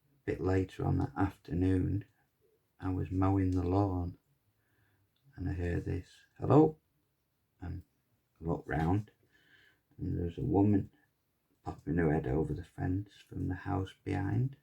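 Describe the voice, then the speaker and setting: A man with a very low, gravelly voice talks through a craft tutorial and wanders off into chatty stories as he goes. His tone is dark and husky. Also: level tone, unhurried, long pauses. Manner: chatty, rambling storyteller. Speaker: pyrography tutor. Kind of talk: casual tutorial chat while working.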